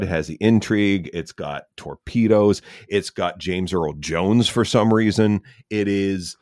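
A man co-hosting a casual chat show, rambling and enthusiastic, circling back with fillers and restarts. His voice sits low but swings widely in pitch. The recording is dry and close. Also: big pitch swings, a little slow, a little mellow, no echo. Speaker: podcast co-host.

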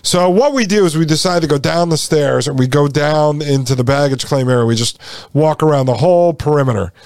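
A man's voice: a little high, fairly quick, a little mellow, dry recording. A male podcast host rambling casually through a long story, full of fillers and asides.

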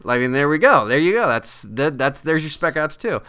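Bright, crisp-voiced man chatting as guest. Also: on the high side, sing-song, moderate pace. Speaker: video game writer, guest. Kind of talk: casual podcast interview.

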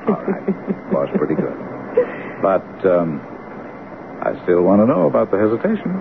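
A man's voice: lowish voice, big pitch swings, moderate pace, vocal fry. A man in his fifties playing a wry, cautious American brigadier general and husband in an old-time radio drama. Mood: teasing. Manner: wry and teasing. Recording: tinny, noisy old radio broadcast.

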